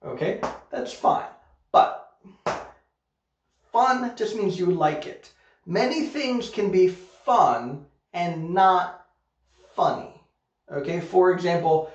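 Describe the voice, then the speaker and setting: A man teaching English grammar in a recorded online lesson, speaking slowly and deliberately and checking in with "okay?" after each point. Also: sits high. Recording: very echoey room, distant mic, dull sound.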